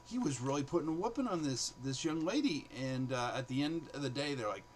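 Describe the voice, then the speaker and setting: A man with a mid-range voice talks briskly over slight background noise in a rough recording. He's a former teacher sharing classroom stories in a casual monologue, animatedly acting out his students' lines in quotes.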